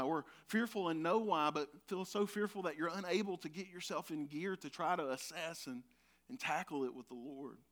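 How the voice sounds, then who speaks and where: A man's voice: a little high, a bit bright. A man preaching a conversational sermon, telling a personal story and laughing now and then. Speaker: pastor.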